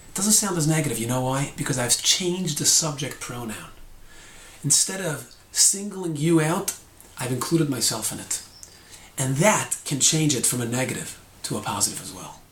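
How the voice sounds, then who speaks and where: A man's voice: medium pitch, expressive, moderate pace. Man giving a Torah lesson, echoey room. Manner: explanatory, demonstrates tones of voice. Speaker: Torah teacher. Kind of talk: short recorded lesson.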